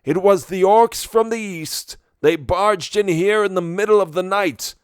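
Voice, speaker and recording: A man's voice: high-pitched, a little slow, clear, resonant tone, no room sound, studio quality, pitched above the performer's own voice. A man voicing an old male wizard with a raised, strained manner. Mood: grave.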